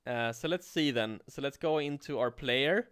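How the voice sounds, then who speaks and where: A man teaching coding on a livestream in a relaxed way, thinking aloud and swearing casually. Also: medium pitch, normal speed, clear, resonant tone, dry recording, studio quality. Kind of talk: casual live coding tutorial.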